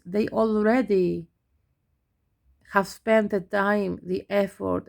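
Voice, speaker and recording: Slow-talking woman with a gravelly edge. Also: mid-range voice, darkish tone. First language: Greek. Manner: unhurried, explanatory, with small laughs. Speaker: Greek language teacher. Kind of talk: casual talk to camera.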